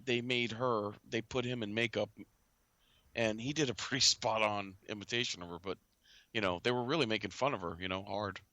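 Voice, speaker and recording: A man's voice: on the low side, steady tone, fairly quick, pushed and bright, dry recording. A man hosting a casual talk show who rambles from one point to the next and often trails off. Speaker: podcast host.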